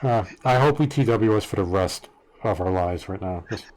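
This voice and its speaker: A man running a tabletop game as its master, patiently explaining character rules with halting restarts over a home voice-chat mic. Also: fairly low pitch, expressive, a little mellow. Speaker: dungeon master. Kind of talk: casual game-setup chat on a live stream.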